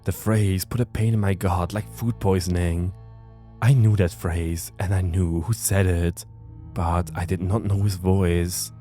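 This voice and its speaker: A man narrating a first-person horror story in a tense, measured way. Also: low voice. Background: soft music.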